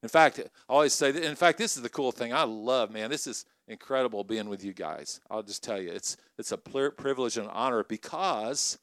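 A middle-aged man preaching a sermon to college ministry leaders, conversational and energetic, often asking the crowd questions. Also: medium pitch, moderate pace, hardly any pauses, dry recording. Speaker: pastor.

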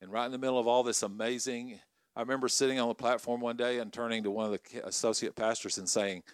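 A middle-aged man preaching a sermon to college ministry leaders, conversational and energetic, often asking the crowd questions. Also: medium pitch, fast talker, no room sound. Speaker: pastor.

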